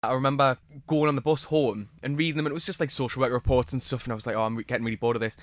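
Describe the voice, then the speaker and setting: A man tells a personal story reflectively, stopping and restarting now and then. He talks quickly, and the sound is dry and close. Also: mid-range voice, fairly even intonation, no room sound. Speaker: guest.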